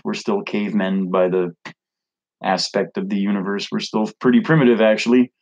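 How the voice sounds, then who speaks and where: Blunt, rambling man, low and lo-fi. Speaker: vlogger. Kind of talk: casual rant to camera.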